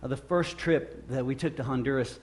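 A man's voice: medium pitch, moderate pace. A man in his thirties preaching a sermon, earnest and conversational, often repeating phrases for emphasis. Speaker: pastor.

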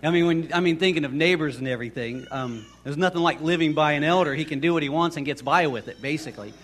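Man, pastor, slightly high voice, chatty rambling sermon, lots of restarts. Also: fast, fairly bright tone. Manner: rambling, conversational with many restarts and fillers. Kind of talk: casual storytelling sermon.

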